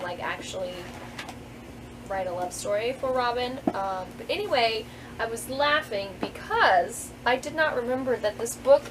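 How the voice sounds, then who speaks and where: Giggly high-voiced woman. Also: background noise. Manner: giggly, keeps breaking into laughter; chatty, with many fillers and restarts. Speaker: author reading aloud from her own book. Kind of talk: casual vlog chat and reading aloud.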